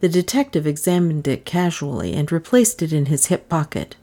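A woman reading a novel aloud in measured, dramatic narration. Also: low voice, expressive, dark tone. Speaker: audiobook narrator. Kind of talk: scripted narration.

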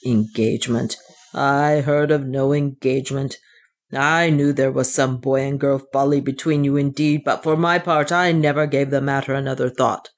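A pompous older clergyman, condescending and sanctimonious, as an audiobook reader puts him on. He drawls his words slowly and unctuously, in a middle-pitched voice. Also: steady tone, close to an everyday voice. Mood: indignant. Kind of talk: audiobook reading.

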